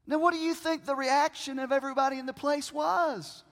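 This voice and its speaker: A man preaching a sermon from a church stage, who asks the congregation questions and pauses for effect. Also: very high voice, fairly even intonation, fairly bright tone. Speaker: pastor. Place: church sanctuary with a screen. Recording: long reverb of a large hall.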